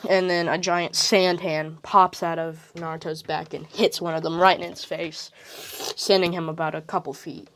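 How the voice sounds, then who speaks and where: A woman's voice: lowish voice, flat delivery, normal speed, fairly bright tone. Rambling woman retelling a fan story. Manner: rambling with fillers and "like".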